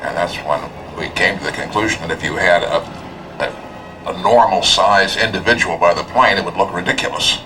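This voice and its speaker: An older man with a very low voice, recalling his work in a deliberate, hesitant way. He sounds set back from the mic. Music plays clearly under him. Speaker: interviewee. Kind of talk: recollection. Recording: distant mic with music behind.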